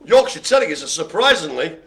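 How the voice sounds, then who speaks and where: A man's voice: on the high side, very animated, fairly quick, fairly bright tone. A man hosting a live bingo game, joking and rambling in playful banter. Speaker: host.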